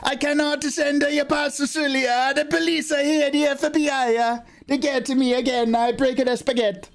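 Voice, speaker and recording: A man doing a panicking male postman in a mock Italian accent, stammering and shouting. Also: very high voice, flat delivery, moderate pace, voice pushed up. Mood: frantic.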